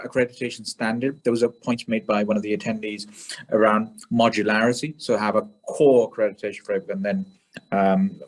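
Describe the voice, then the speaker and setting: Low-voiced man reporting back in a meeting. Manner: hurried, with fillers and restarts. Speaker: breakout group reporter. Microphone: video call.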